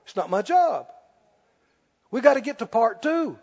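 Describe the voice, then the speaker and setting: A man preaching a sermon, telling a story with laughs and loud bursts of prayer. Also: very high voice, very animated, unhurried, creaky. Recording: dull lo-fi sound with long hall reverb.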